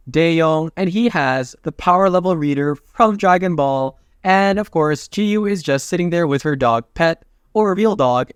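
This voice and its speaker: A man narrating a comic recap in a casual, jokey play-by-play with quick asides. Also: a little high, clear, resonant tone, dry recording, studio quality.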